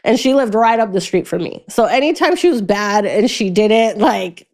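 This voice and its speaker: A woman's voice: medium pitch, animated, normal speed, darkish tone. A young adult woman in a casual interview, telling her life story in a chatty way, her voice jumping up when she quotes others and laughing often. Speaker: guest.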